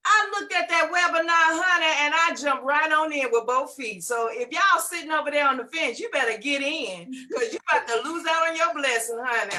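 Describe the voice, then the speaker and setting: High, bright, exuberant middle-aged woman. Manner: loud, laughing, preacher-like exclamations. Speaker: webinar testimonial guest. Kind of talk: exuberant testimonial. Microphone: video call.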